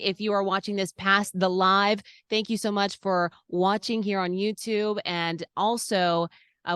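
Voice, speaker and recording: A woman's voice: mid-range voice, a bit bright, smooth, no room sound, clean studio sound. A woman hosting an online mentoring interview, asking questions and wrapping up the session in a polished, friendly way. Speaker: host.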